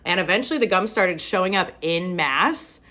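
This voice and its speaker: A young woman from Ohio works through a stand-up set with a self-mocking edge, breaking into laughter at her own jokes. Her voice sits a little low for a woman. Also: lively intonation, normal speed, pushed and bright. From Ohio, USA. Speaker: stand-up comedian.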